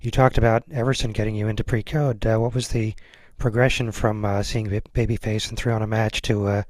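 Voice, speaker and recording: A male podcast host asking a guest questions in a relaxed way, with many fillers. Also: on the low side, a little fast, no echo. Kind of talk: interview questions.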